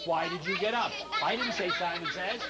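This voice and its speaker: A man hosting a children's TV show, leading the kids in games with teasing jokes and quick asides. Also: high voice, heavy background noise. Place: TV studio with children.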